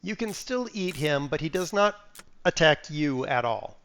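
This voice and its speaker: A man's voice: on the high side, animated, measured pace, fairly bright tone. A man casually commenting on a live game stream. He mutters to himself while playing, breaks into sudden exclamations and sniffles now and then.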